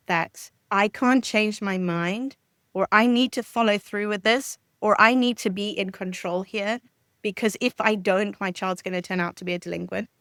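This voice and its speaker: A woman's voice: medium pitch, fairly bright tone, dry recording. A woman speaking as a family counsellor guest on a podcast, explaining ideas in an earnest, conversational way. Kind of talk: conversational interview.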